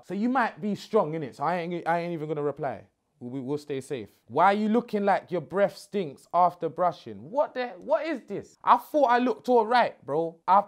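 A young man, half Ghanaian, hosting a casual chat from his living room and answering fan questions with cheeky slang. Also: a little high. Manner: cheeky, bantering London slang, lively swings of loudness. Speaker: host. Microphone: phone at arm's length.

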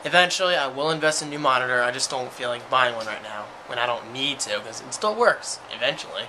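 A man's voice: medium pitch, animated, fast, sharp tone, slight background noise, rough recording. A man hosting a casual geocaching vlog at night in the woods, playful and easily amused, filming on a handheld camera. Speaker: vlogger host. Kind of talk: casual chat while geocaching.

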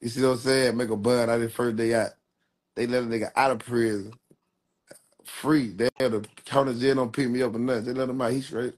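A man's voice: medium pitch, level tone, a little fast. Young man rambling in street slang. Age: 20s. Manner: rambling street slang, repeats "real talk". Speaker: rapper. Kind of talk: casual livestream talk.

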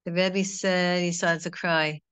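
A woman's voice: lowish voice, level tone, measured pace, a bit bright, clean tone. A middle-aged woman teaching a Torah class in a conversational, digressive way, mixing in Hebrew terms.

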